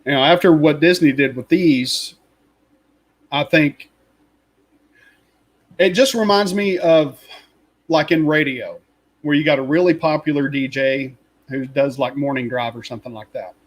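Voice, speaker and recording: A man with a slightly raised pitch talks over a desk mic in a loose, rambling fan chat. He is opinionated and leans on fillers and quick asides as he goes. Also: rough recording. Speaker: podcast co-host.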